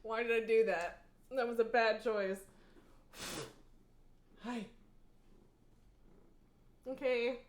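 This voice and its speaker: A woman's voice: fairly high pitch, fairly even intonation, takes it slowly, pauses often. A woman streaming a game from home, chatting casually, laughing often and cooing to her cat. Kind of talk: casual live-stream chat while gaming. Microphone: headphones on, desk setup.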